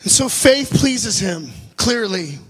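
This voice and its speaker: A man preaching a storytelling sermon, animated and laughing at his own asides, addressing the congregation directly. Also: high-pitched, slow pace, slightly rough. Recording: live sermon with long hall reverb.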